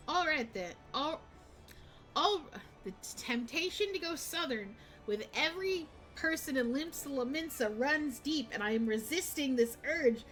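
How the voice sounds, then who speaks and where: A woman's voice: high voice, animated, a little slow, fairly bright tone, faint music behind. A woman streamer casually commenting on a game, chatty and laughing, often stopping herself mid-sentence. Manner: chatty, laughing, self-interrupting. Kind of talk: casual let's-play commentary.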